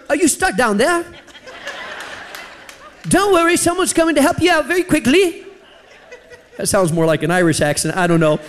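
A man preaching a sermon, telling a personal story and slowing down for emphasis. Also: high-pitched. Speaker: pastor.

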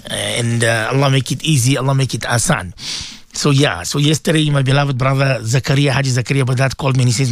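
A man's voice: medium pitch, steady tone, quick pace, no room sound. A man hosting a devotional radio talk, preaching fervently and repeating himself as he pleads with listeners. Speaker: religious radio host.

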